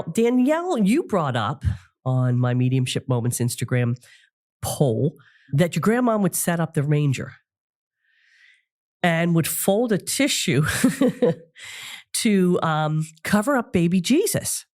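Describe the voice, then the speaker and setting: A woman's voice: fairly low pitch, big pitch swings, slow pace, pauses often, a little mellow. Chatty middle-aged woman podcast host. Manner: chatty, laughs often, frequent fillers. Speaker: podcast host and psychic medium. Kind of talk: casual solo podcast talk.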